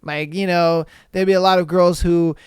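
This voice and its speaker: A man talks through a solo podcast in loose, slangy chat, swearing freely and breaking into laughter. His voice is clear and resonant. It sits close and dry on the mic. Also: sits high, level tone, moderate pace, no echo. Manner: slangy, profane, exclamatory, laughs often. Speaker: podcast host. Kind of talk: casual solo podcast commentary.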